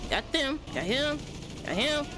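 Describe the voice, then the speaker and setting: A woman commentates on her own gameplay for her channel, excitable and quick to laugh, her voice bouncing lively and a little high. Panicky exclamations pop up between plays. Noisy game audio runs underneath. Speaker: gaming channel host.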